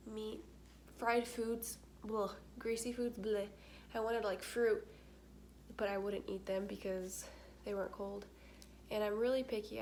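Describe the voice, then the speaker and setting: A woman's voice: medium pitch, gravelly, a little hiss or hum. A young adult woman vlogging in casual chat, candid and talkative, with frequent filler words.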